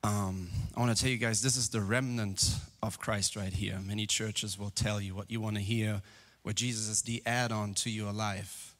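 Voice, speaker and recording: Young man in his twenties, lower voice, candid church testimony. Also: little pitch movement, normal speed, hardly any pauses, fairly bright tone. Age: 20s. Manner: earnest, candid storytelling. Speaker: guest giving testimony. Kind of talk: personal testimony. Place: church, live.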